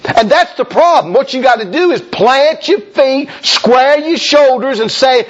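A man preaching a sermon, folksy and emphatic, with sudden shouts and slow drawn-out lines. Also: extremely high pitch, animated, muffled recording.

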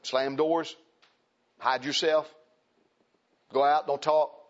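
A man preaching a conversational sermon, repeating phrases for emphasis and swinging between loud raised points and quiet, low asides. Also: level tone, slow. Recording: dull lo-fi recording.

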